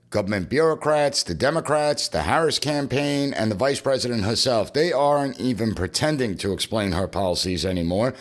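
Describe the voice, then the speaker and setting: Emphatic male political podcast host. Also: mid-range voice. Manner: emphatic, punchy, repeating for effect.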